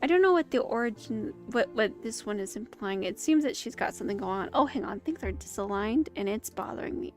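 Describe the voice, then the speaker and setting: A woman's voice: mid-range voice, lively intonation, fairly quick, few pauses, soft background music. A woman streaming a movie watch-along, chatting casually with rambling asides and self-interruptions. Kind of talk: casual live commentary. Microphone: streaming setup.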